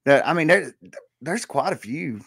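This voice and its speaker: A man's voice: on the high side, animated, moderate pace, a bit bright, breathy edge, no room sound, studio quality. A man co-hosting a podcast in casual chat, rambling through memories with many restarts. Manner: rambling, restarts and quotes favorite lines. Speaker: podcast co-host.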